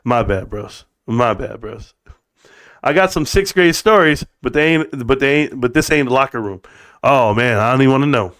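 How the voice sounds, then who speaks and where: A middle-aged man hosting a casual livestream, joking, laughing and swearing, then settling into a quieter tone to tell personal stories. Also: medium pitch, animated, moderate pace. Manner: goofy, laughing, swearing, bursts of put-on voices. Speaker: livestream host.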